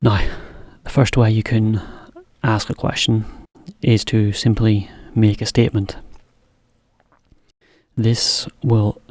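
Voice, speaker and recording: A man giving a relaxed English lesson to Japanese learners, explaining with simple examples. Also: on the low side, slow, no room sound, clean studio sound. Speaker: English teacher.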